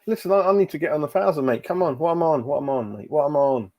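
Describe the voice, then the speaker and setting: A man's voice: fairly high pitch, rapid-fire, a little mellow. A man, hosting a casual live stream as a football fan, chatting and reading out viewers' comments. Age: 40s. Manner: chatty, reads chat aloud, calls everyone mate. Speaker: fan channel host.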